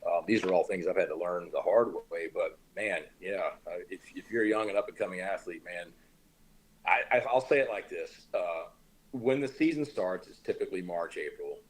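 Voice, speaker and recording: A man's voice: low voice, normal speed, poor audio. A man hosting a casual podcast chat, giving laid-back, coach-like advice full of slang. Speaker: podcast host.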